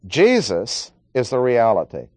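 A man's voice: medium pitch, huge pitch swings, unhurried, darkish tone, no room sound. A man preaching an expository Bible lesson, working through numbered points and reading scripture aloud.

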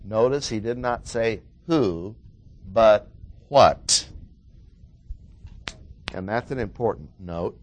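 A man's voice: lowish voice, animated, a little slow, few pauses, darkish tone. A man preaching a sermon, explaining a Bible passage with emphatic repetition of key words.

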